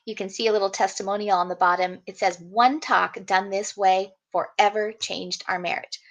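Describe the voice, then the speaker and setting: A middle-aged woman, a relationship coach giving an upbeat, encouraging presentation at a wedding event. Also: medium pitch. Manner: upbeat, encouraging, speaks directly to the audience.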